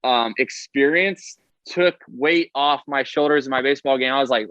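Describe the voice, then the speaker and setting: A man's voice: mid-range voice, a bit bright, no echo. Man, ballplayer guest, rambling storyteller, muffled, dry. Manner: fast, chatty, lots of fillers and "right?". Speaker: baseball player guest. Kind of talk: casual podcast storytelling.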